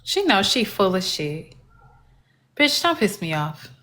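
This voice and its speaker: A woman's voice: medium pitch, sing-song, takes it slowly, bright, forceful tone. Blunt, profane woman livestreamer. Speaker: livestream host. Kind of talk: casual live-stream commentary.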